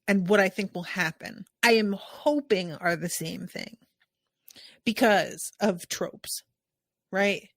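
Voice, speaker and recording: Woman podcast host, American, expressive and lively, mid pitch, dry close-mic sound. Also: dry recording. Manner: animated, expressive, quick asides. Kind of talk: casual podcast chat.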